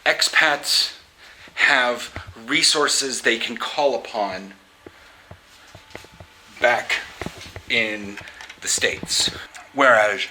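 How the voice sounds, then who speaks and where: A man from the US Pacific Northwest giving opinionated vlog commentary, halting and restarting his sentences, with wry asides. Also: mid-range voice, steady tone, bright, forceful tone, slight background noise, low-quality recording. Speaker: vlogger.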